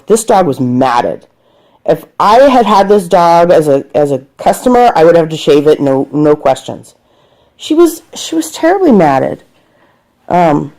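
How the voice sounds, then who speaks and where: A dog groomer chats casually in a home vlog, rambling, talking to her dog, and sometimes dropping to a whisper. Her voice is warm and on the low side.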